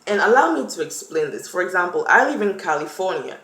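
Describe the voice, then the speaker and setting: A woman's voice: lowish voice, big pitch swings, brisk, a bit bright. A young woman from Cameroon, talking earnestly to camera and acting out little quotes as she tells her story. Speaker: vlogger. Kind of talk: personal talk to camera. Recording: echoey room.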